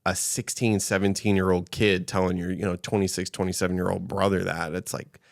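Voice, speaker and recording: A man's voice: low voice, little pitch movement, fairly quick, gravelly, dry recording, studio quality. A young man, a podcast guest, talking casually and candidly in a laid-back, slangy way. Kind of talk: candid personal conversation.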